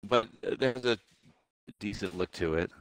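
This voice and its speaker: A man's voice: lowish voice, moderate pace, slight background noise. Rambling young man telling a story. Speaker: gamer. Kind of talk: casual gaming chat with friends.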